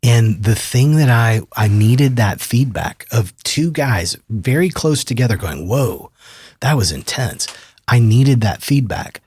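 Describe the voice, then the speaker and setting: A man in his fifties, a therapist and author, talks as a guest on an interview podcast in a calm, measured way. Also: mid-range voice, slightly rough, dry recording.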